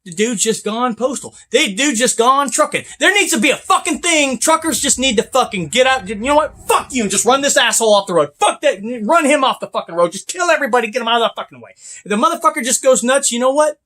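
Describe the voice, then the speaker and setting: Profane ranting trucker man, high lively voice. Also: fast. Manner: profane, sarcastic, bursts into shouting. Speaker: truck driver reviewing trucking companies. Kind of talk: angry ranting vlog.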